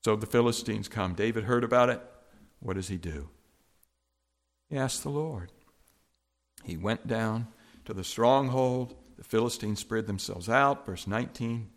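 A male preacher working through scripture in a sermon. His delivery rises to loud, emphatic high points and drops to hushed, low asides. His voice sits at an ordinary middle pitch. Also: lively intonation, moderate pace. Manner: expository preaching with wide swings between loud emphatic peaks and quiet asides.

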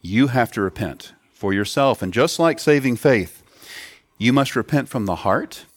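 A man's voice: mid-range voice, expressive, measured pace, no echo. Man preaching a dry, close sermon. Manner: earnest teaching tone with questions to the children. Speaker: pastor. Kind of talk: sermon to children and adults.

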